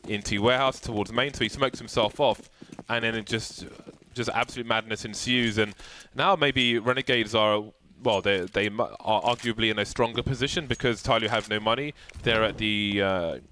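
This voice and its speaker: A man casting a live esports match, with excitable, jokey play-by-play. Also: lowish voice, moderate pace, few pauses, a little hiss or hum. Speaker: esports caster.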